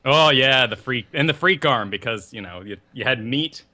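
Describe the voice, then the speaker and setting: A young man with a bright, forward voice co-hosts a gaming podcast. His pitch swings widely as he tells rambling stories with a lot of energy. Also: moderate pace. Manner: animated, rambling storyteller. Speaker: podcast co-host. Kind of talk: casual podcast chat.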